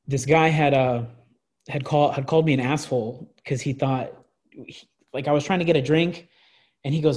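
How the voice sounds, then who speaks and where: A man's voice: medium pitch, fairly even intonation, a little fast, darkish tone. A man in his twenties telling party stories in casual chat, rambling with lots of restarts and swearing. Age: 20s. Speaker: guest.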